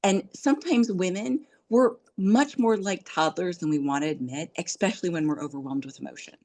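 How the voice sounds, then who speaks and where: A woman's voice: fairly low pitch, brisk, a little mellow. A middle-aged woman hosting a podcast, giving earnest relationship advice in a casual, coaching way. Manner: earnest, coaching, acts out quoted dialogue. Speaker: podcast host.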